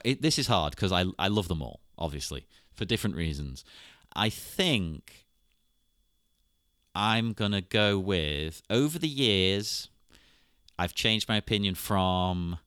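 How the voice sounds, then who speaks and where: A man's voice: low voice, expressive, takes it slowly, pauses often, a bit bright, smooth, dry recording, clean studio sound. A man hosting a podcast, chatting casually and laughing often. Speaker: podcast host. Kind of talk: casual chat.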